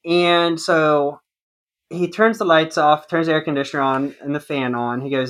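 A man co-hosting a casual podcast chat, telling a long personal story in an animated way. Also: fairly high pitch, moderate pace. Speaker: podcast co-host.

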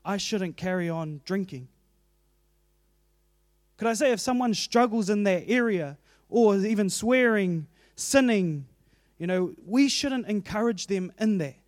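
A man delivers an earnest, conversational sermon, speaking in a fairly high register. His delivery is plain and personal, with asides from his own life. The sound is dry and close, with no room echo. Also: measured pace. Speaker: preacher.

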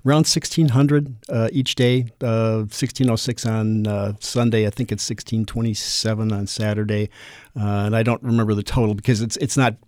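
A man who is a kennel club president and dog show judge, talking through judging points in a casual radio interview, measured and full of small fillers. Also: on the low side, flat delivery, darkish tone, no room sound. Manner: measured, explanatory, with frequent fillers.

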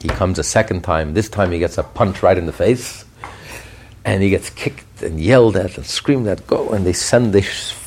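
A man, a rabbi, preaching a sermon with animated, repetitive emphasis and storytelling. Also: low-pitched, moderate pace, a little hiss or hum.

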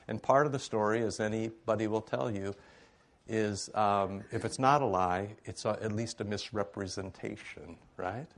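A man's voice: fairly low pitch, normal speed. A middle-aged man preaching a sermon to a congregation in an easygoing, conversational way, often checking in with "right?".

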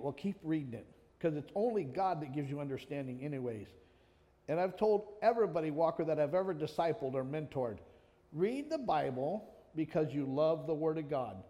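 A man's voice: on the high side, dark tone, in a large hall. A man preaching an earnest sermon, reading scripture aloud and speaking directly to listeners by name. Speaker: pastor.

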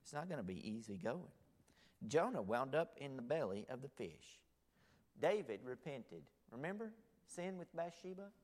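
Male pastor preaching, dramatic, goes loud then drops to almost a whisper, long echo from a big hall. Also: mid-range voice, big pitch swings, normal speed. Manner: dramatic, swings between loud and near-whisper. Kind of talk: sermon.

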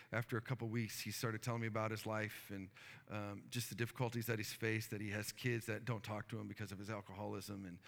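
A man's voice: fairly low pitch, gravelly, a bit bright, big-room sound. A man, a pastor, preaching a sermon and telling a story earnestly, with many fillers.

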